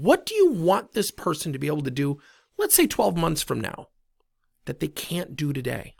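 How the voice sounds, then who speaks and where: Man, coaching trainer, gravelly voice, very expressive pitch, tells stories with dialogue. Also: normal speed, no echo, studio quality. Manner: animated, retells conversations with quoted dialogue. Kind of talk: storytelling coaching talk.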